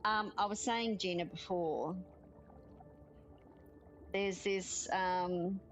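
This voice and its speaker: A woman's voice: medium pitch, fairly even intonation, very slow, a little hiss or hum, poor audio. Chatty woman streaming a game. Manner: chatty, giggly, reads game text aloud. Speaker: gaming streamer. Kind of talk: casual let's-play chat.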